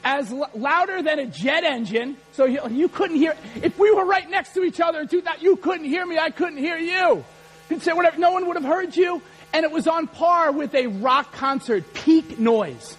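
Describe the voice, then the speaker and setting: A man preaching a sermon as pastor, animated and rising to shouts. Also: very high voice, moderate pace, rough recording.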